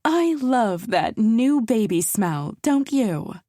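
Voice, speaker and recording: A woman voicing a doting, genteel grandmother who coos and speaks gently but firmly, in an audiobook. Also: fairly high pitch, big pitch swings, takes it slowly, no room sound, clean studio sound, pitched above the performer's own voice. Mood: cooing. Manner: cooing, gently firm. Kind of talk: audiobook character voice.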